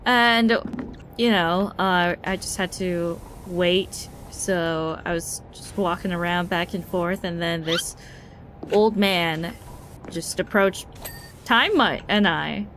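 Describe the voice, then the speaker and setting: A woman's voice: lowish voice, slow, background noise. A young woman streamer telling a story in a chatty, wry way, full of fillers and self-corrections.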